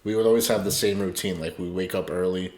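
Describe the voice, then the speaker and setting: A man co-hosting a podcast with an easygoing, slangy way of telling stories. His voice sits on the low side. The room gives it a noticeable echo. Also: steady tone, fast talker, a little mellow. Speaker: podcast co-host. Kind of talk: casual chat. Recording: roomy echo.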